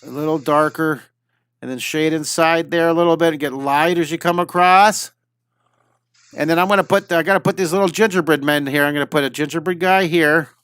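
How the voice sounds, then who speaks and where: A man's voice: a little high, fairly even intonation, fairly quick, fairly bright tone, clean tone, no room sound. A middle-aged man teaching a live drawing lesson, chatty and enthusiastic, talking through every step as he draws.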